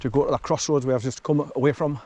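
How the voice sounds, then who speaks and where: A man in his sixties talking casually and rambling a bit while walking through quiet countryside. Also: medium pitch, fairly even intonation, quick pace, a little hiss or hum. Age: 60s. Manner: rambling and chatty, swears casually. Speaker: vlogger.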